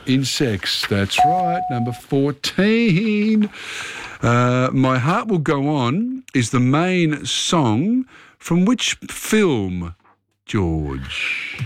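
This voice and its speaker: A man hosting a radio quiz, reading questions briskly with quick asides. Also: mid-range voice, very animated, a little hiss or hum. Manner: brisk, friendly quizmaster, quick asides and fillers. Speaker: radio host. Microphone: studio microphone.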